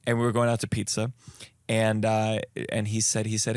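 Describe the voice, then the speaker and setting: A man's voice: fairly low pitch, moderate pace, no room sound, clean studio sound. A male comedian guest chatting and telling stories on a podcast, with many restarts. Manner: animated storyteller, stammering restarts. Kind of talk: casual podcast chat.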